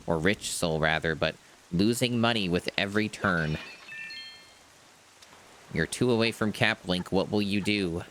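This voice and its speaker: Low-voiced man musing over a game. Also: measured pace, long pauses, a bit bright, a little hiss or hum. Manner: rambling, musing aloud. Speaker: streamer. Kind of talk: casual let's-play commentary.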